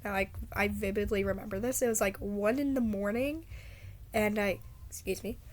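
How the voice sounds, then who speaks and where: A congested, hoarse woman with a raspy voice, rambling casually in a vlog and stumbling over her words. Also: mid-range voice, fairly even intonation, normal speed. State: congested, hoarse from a sore throat. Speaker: video creator.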